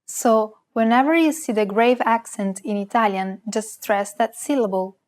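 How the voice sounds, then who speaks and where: A woman co-hosting a language lesson, reading a script and saying example words slowly and carefully. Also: on the high side, a little mellow. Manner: slow, careful, precise pronunciation of example words.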